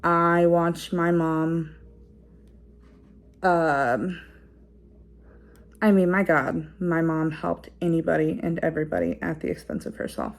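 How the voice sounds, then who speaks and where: Reflective, rambling woman with a lowish voice. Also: steady tone, slow, pauses often. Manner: reflective and rambling, with many fillers and restarts; explains like a teacher, checking in with "okay?" and "right?". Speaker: parenting vlogger. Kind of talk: casual talk to camera.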